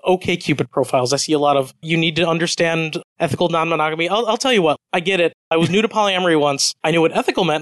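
A man with a high, bright-sounding voice talks at a rapid clip as a panelist in a casual discussion. His delivery is animated and full of quick asides, and the sound is dry and close. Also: no room sound. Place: live event with audience.

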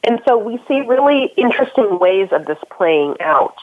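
A woman's voice: mid-range voice, big pitch swings, moderate pace, no echo. Female career coach, earnest, explains in steps; phone-line audio, dry. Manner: earnest, advice-giving, explains step by step. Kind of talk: podcast interview answer.

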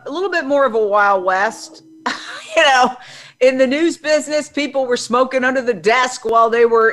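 A woman in her sixties hosting an interview, loud and chatty, telling stories as she goes. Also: a little high. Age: 60s. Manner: loud, chatty, self-described loudmouth. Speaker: interview host. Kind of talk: conversational interview.

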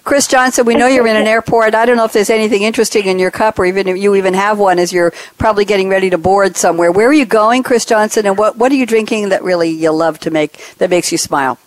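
A woman's voice: medium pitch, fast talker, hardly any pauses, no room sound. Talk show host, woman, effusive and emotional. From New York. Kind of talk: radio talk show hosting.

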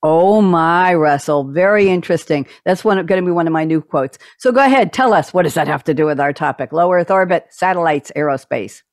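Woman hosting an online panel, playful and lively, dry close sound. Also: lowish voice, brisk, hardly any pauses, dry recording. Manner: playful, animated reading. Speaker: host. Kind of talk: casual panel chat.

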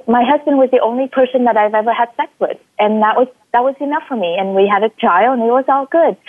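A woman from Vietnam talks over a tinny, phone-like line with a dry sound. She tells her story as a guest in a casual interview. She acts out quoted lines in a much higher voice. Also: dry recording. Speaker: guest, life coach. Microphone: phone call.

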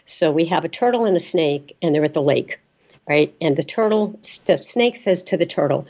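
A woman's voice: deep voice, animated, normal speed, a little mellow. A woman hosting an interview, chatty and telling stories to make a point. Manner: chatty storyteller. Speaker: podcast host. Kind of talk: interview talk. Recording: dull lo-fi sound.

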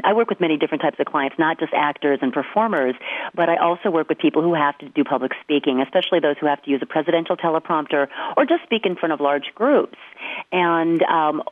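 A woman's voice: deep voice, no room sound. A woman performance coach with a General American accent, telling stories in a chatty way. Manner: storytelling, chatty. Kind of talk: casual radio chat. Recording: dry phone-line radio sound.

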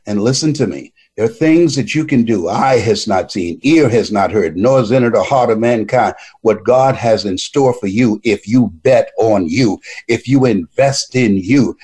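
A man giving a motivational speech, telling stories with a preacher-like cadence and repeating words when excited. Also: fairly low pitch, slightly rough. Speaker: motivational speaker.

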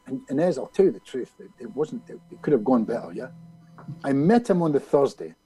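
A man, a hypnotist being interviewed, telling a story in an animated way and acting out other people's lines. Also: medium pitch, brisk, husky, faint music behind, low-quality recording. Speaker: hypnotist guest.

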